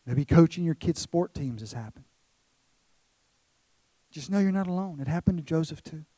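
A man's voice: on the high side, lively intonation, moderate pace, mellow, dry recording. A man preaching a sermon as pastor, emphatic, with repeated phrases and rhetorical questions to the congregation.

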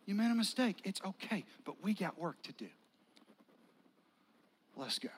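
A preacher doing a gentle, reassuring teacher. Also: male voice, high voice, a little slow, breathy edge, exaggerated voice. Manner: calm, plain-spoken, warmly direct.

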